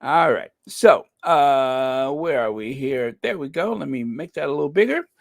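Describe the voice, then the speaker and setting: A man's voice: medium pitch, expressive, unhurried, creaky, no echo, studio quality. A man hosting a casual live stream, greeting viewers by name and chatting with jokey asides.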